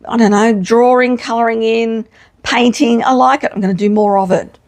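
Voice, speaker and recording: A woman's voice: a little high, steady tone, moderate pace, darkish tone. A middle-aged woman, chatting casually to camera in a frank, self-mocking way and swearing freely. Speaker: vlogger. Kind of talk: casual chat.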